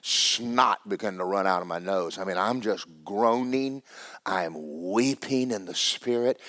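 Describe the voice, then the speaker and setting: A low-voiced preacher delivers his sermon with loud, emphatic force, then sinks into a hushed, almost whispered intensity. The man's voice is captured dry and close, with no room sound around it. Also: dry recording.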